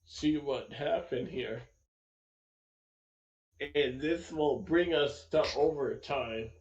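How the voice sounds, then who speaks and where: A man calling a sim racing event as play-by-play commentator, getting excited at restarts. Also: mid-range voice, slow, muffled recording. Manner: calls the race, gets excited at restarts.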